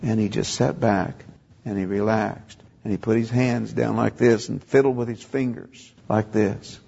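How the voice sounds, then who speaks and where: A man's voice: lowish voice, steady tone, unhurried, creaky, dark tone, breathy edge, dull audio. An older man preaching a sermon, telling a story and acting out the dialogue. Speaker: pastor.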